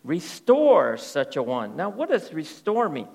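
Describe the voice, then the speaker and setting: Gravelly animated male preacher. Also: fairly high pitch, unhurried. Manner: animated preaching, drops to soft hushed tones. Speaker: pastor. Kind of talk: sermon.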